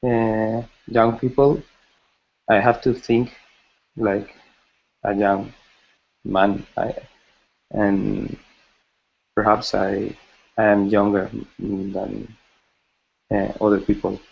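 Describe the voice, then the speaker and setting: A man in his forties talking about his work in an online class, halting and searching for words. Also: lowish voice, little pitch movement, gravelly. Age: 40s. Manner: halting, many restarts and fillers. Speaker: student introducing himself. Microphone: video call. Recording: muffled lo-fi call audio.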